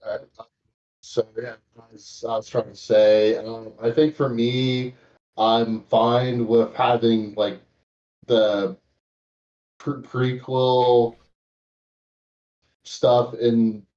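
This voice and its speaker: A man's voice: medium pitch, flat delivery, extremely slow, pauses often, warm tone. A man giving his thoughts on a comic in a casual chat, thoughtful and hesitant with many fillers. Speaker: guest panelist. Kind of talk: casual chat on a live stream. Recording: dull, roomy, distant mic.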